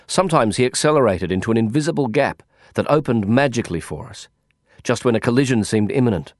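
A man's voice: mid-range voice, animated, fast talker. A man reads a first-person novel in a wry, descriptive way, his voice moving freely up and down through each sentence. The recording is close and dry from a studio microphone, with no room echo. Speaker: audiobook narrator. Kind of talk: first-person audiobook narration.

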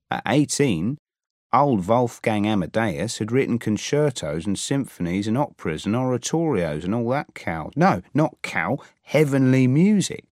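Unhurried man reading a novel in first person. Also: fairly low pitch, darkish tone, no echo, studio quality. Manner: unhurried, laced with invented slang. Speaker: audiobook narrator.

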